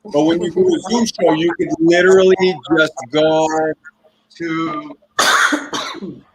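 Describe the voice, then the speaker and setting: A somewhat high-voiced man doing a rambling stand-up set from home over a computer microphone. He swears freely and keeps breaking into laughter at his own lines. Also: fairly even intonation, takes it slowly, fairly bright tone, slight background noise, rough recording. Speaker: stand-up comedian. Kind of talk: stand-up set on a video call show. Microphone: computer microphone on a video call.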